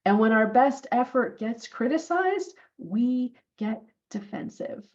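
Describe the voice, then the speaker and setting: A woman in her forties telling a personal story on her vlog. She is animated and acts out what other people said, using it to coach business owners. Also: a little high, slow pace, lo-fi sound. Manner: animated, acts out quoted lines.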